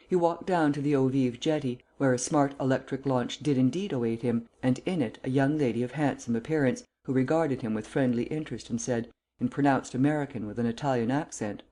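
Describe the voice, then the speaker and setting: Mellow-voiced male audiobook narrator. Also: medium pitch. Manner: measured, unhurried storytelling. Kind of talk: scripted narration.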